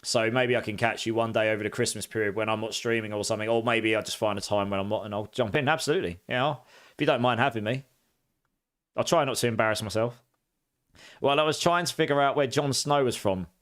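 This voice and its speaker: A man from near London with an Essex accent touched with posh, chatting through live gameplay and quick to laugh. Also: lowish voice, a bit bright. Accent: Essex mixed with a bit of posh English. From near London, England. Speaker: streamer.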